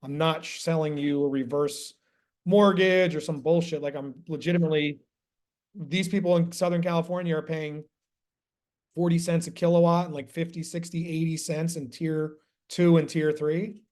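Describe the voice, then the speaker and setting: Brief: male solar sales coach, blunt and profane, a touch higher than usual, casual screen-share coaching delivery. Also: flat delivery, moderate pace, a little mellow.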